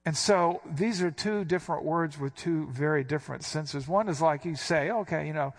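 A man delivering a sermon in a slightly higher-than-usual voice. He explains scripture verse by verse and leans hard on key words with dramatic inflection. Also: normal speed, few pauses. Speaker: pastor.

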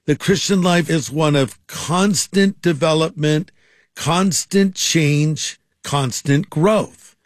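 A man's voice: fairly high pitch, slow pace, no room sound, studio quality. A male pastor speaking on a radio program, earnest and plainspoken as he leads a prayer. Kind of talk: radio sermon, leading a prayer.

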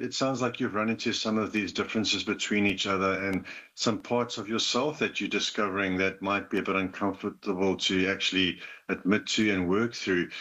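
Low voiced guy giving calm heartfelt relationship advice, kinda dull lo-fi sound. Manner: gentle, coaching, earnest. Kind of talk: call-in advice talk.

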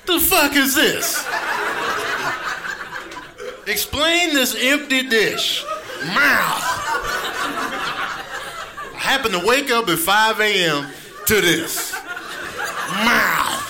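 A man voicing a hungry, irritated house cat who loudly scolds its owner for an empty dish. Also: extremely high pitch, lively intonation, drawn-out words, gravelly, pauses often, very noisy, pitched above the performer's own voice, exaggerated voice. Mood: demanding. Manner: loud, indignant, scolding.

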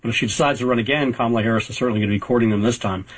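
A political reporter in his fifties appears as a talk show guest, giving measured, analytical answers with frequent fillers. His mid-range voice is husky, and the recording is rough.

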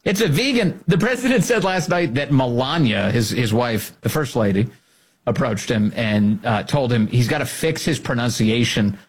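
A man's voice: medium pitch, normal speed, breathy edge. A man hosting a political podcast, commenting sarcastically on played clips with frequent laughter. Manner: sarcastic, laughing, animated asides.

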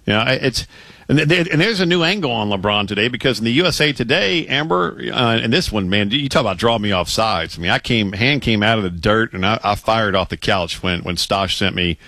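A man co-hosting a sports talk radio show, worked up and emphatic, with a very lively pitch and a bright, forceful tone. He is feeling sick and is recorded dry on a close studio mic. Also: a little fast, no echo. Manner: excitable, emphatic, stammering restarts. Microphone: studio microphone.

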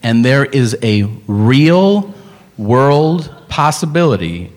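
A man doing a stand-up comedy set, profane and animated, telling stories with impressions. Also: medium pitch, slow. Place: comedy club stage. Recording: live club recording with crowd. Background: audience laughter.

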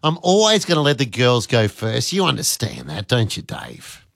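A man, hosting a radio show and chatting with callers in a jokey, animated way. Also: medium pitch, normal speed, creaky, no room sound, studio quality. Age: 50s. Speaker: radio host. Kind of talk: casual radio chat with callers. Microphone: studio microphone.

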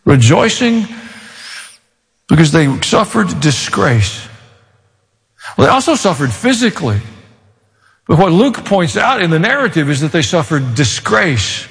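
A man preaching a sermon as pastor, with sudden rises and quiet asides. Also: on the high side, big pitch swings, a little slow, creaky, long pauses. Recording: long reverb of a large hall.

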